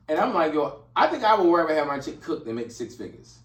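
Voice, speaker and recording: A man's voice: on the high side, brisk, hardly any pauses, roomy sound, recorded from a distance, poor audio. Laid-back man telling a story, set back from the mic. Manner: relaxed storytelling, hesitant fillers. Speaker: podcast co-host. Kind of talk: casual podcast chat.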